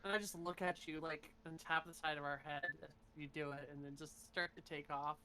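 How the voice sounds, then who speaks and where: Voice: medium pitch, steady tone, a little fast, bright, forceful tone, slight background noise, rough recording. A player in a tabletop role-playing game, talking eagerly about what their character does. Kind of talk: casual tabletop game play.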